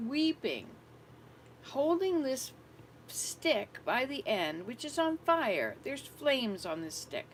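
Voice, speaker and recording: An older woman serving as a missionary, telling a family story in a rambling, animated way and acting out the dialogue. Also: on the high side, a little hiss or hum, low-quality recording. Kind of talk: casual storytelling vlog.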